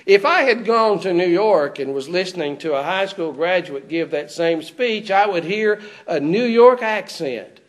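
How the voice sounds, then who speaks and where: A male preacher with a raised, fairly high speaking voice works through a Bible passage for his congregation. He often stops to put rhetorical questions to his listeners. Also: expressive, measured pace, few pauses. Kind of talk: expository sermon. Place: church.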